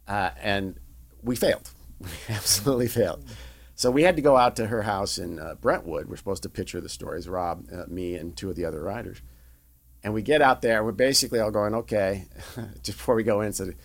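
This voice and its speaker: Middle-aged male guest, lower voice, spins animated showbiz anecdotes. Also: a little fast. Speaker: guest, veteran TV showrunner. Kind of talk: storytelling interview chat.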